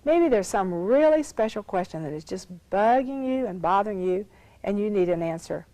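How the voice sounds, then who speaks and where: A woman's voice: medium pitch, expressive, normal speed, dark tone, no room sound, low-quality recording. Emphatic woman Bible teacher. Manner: emphatic, repeats phrases for emphasis; reads scripture aloud with rising emphasis. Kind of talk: teaching sermon.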